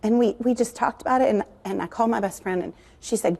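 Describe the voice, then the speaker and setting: A woman's voice: a little high, quick pace, gravelly, dark tone, slightly rough. A woman, a guest author, talking candidly about faith and family in an earnest, confiding way with frequent fillers.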